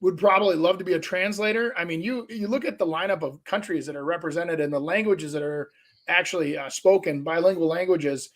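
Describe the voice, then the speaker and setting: High-voiced male co-host, animated joker, casual studio banter. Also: brisk. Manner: animated, joking storyteller. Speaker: radio co-host. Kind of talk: casual radio talk. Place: radio studio.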